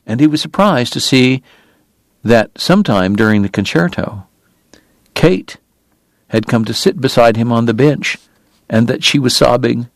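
A man narrating a novel in a measured, unhurried storytelling manner. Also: mid-range voice, dry recording. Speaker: audiobook narrator. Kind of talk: scripted narration.

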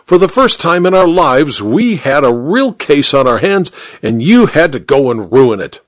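A pompous, indignant judge, cold and sharp-tongued, voiced by a male storyteller. The recording is dry and close. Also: on the high side, sing-song, a little slow, no room sound, voice pushed up.

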